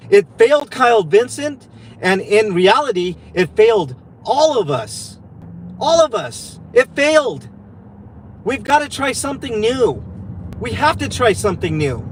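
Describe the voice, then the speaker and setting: A man's voice: high voice, very animated, a little slow, a little hiss or hum, poor audio. Enraged man ranting from his car. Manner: enraged, sarcastic, swearing. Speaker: livestreamer. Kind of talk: angry livestream rant. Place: in a car while driving.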